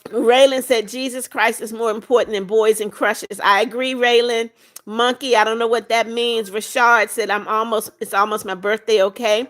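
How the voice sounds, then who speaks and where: Woman, livestream host, fairly high voice; reads chat aloud, quick motherly replies. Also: fairly even intonation, a bit bright. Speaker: livestream host reading viewer comments. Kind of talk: casual live-stream chat.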